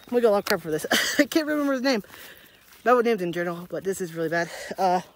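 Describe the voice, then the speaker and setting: Out walking on rural land with a handheld camera, a young adult daily vlogger, a bit winded, reviews a movie in a loose, rambling way at rapid-fire speed. Their voice is at a normal middle pitch, and they chuckle, lose track of names, and keep circling back to the same gripes.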